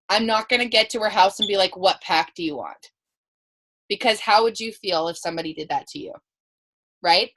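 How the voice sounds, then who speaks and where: A woman talks her team through a training call. She tells everyday stories and acts out her own lines and the other person's along the way. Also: mid-range voice. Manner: animated storytelling, quoting herself and others. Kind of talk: coaching talk with acted-out dialogue. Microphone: call recording.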